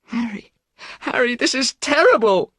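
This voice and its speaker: An anguished young gentleman, full of emotion, often pushing into a higher voice than the reader's own, as a male narrator plays him. His delivery is lively in pitch and the recording is dry and close. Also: moderate pace, no echo. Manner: emotional, rising to cries. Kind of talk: audiobook character reading.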